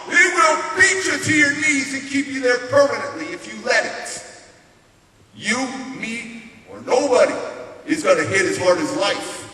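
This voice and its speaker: A man's voice: high-pitched, pitched above the performer's own voice, full character voice. Brief: gritty, defiant boxer bellowing his creed, as a speaker imitates him, heard from the back of a big echoing hall. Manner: loud, hard-hitting delivery. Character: tough, gravelly movie boxer giving a speech. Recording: echoey hall from far off, hiss.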